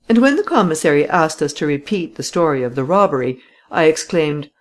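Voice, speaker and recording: A woman narrating a classic story in the first person, with an expressive delivery. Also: low voice, a little fast, hardly any pauses. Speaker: audiobook narrator.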